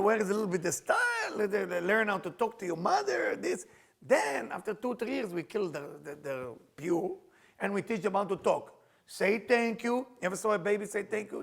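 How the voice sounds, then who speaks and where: A middle-aged man lectures a spiritual class in English that is not his first language. His voice sits high and sounds husky, and his pitch swings widely as he acts out the people he quotes. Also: very animated, normal speed, fairly bright tone. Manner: non-native English phrasing. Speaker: Kabbalah teacher.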